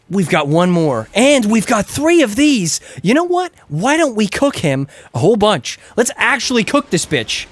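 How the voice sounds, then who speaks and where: A man streaming a video game with casual commentary, excitable, swearing and begging his character to survive. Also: high voice, moderate pace, few pauses. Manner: excitable, begs and yells at the game, swears freely.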